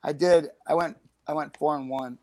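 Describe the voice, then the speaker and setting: A man's voice: fairly high pitch, fairly even intonation, normal speed, warm tone, no echo. A man in his fifties, a guest in a casual chat, telling long profane stories in a rambling way.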